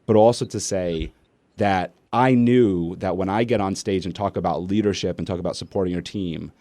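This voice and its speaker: A man's voice: deep voice, moderate pace, no echo. A middle-aged man hosting an interview, telling a family story casually and acting out the dialogue. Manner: animated, acts out family dialogue. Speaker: podcast host and speaker.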